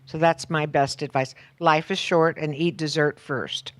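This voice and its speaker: A woman in her seventies answers questions on a panel, her voice a little low for a woman. She sounds chatty and upbeat, dropping wry asides. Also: steady tone, measured pace.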